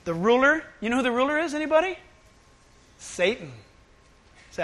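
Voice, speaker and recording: Male pastor, high bright voice, lively sermon delivery with loud bursts and quiet asides. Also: moderate pace. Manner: animated, acts out voices, swings from loud to hushed.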